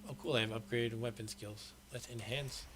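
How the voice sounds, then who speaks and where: A man's voice: mid-range voice, fairly even intonation, moderate pace, background noise. A middle-aged man hosting a game stream, patiently explaining the rules in casual commentary.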